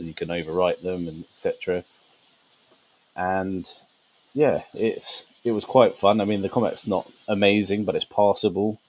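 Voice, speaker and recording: A man's voice: deep voice, darkish tone, poor audio. A man co-hosting a gaming podcast, explaining at length with fillers and frequent laughs. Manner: laughs often, meandering explanations with many fillers. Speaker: podcast co-host. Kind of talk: casual podcast chat.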